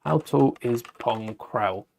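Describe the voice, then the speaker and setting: A man's voice: mid-range voice, takes it slowly, gravelly, darkish tone, a little hiss or hum. A British man hosting a live Lego building stream, chatting casually, thinking aloud as he builds and answering viewers' questions. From United Kingdom.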